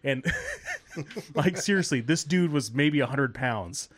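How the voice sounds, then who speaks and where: A man on a casual podcast telling a long story, animated and swearing, laughing as he acts out the people in it. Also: a little high, takes it slowly, slight background noise. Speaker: podcast host.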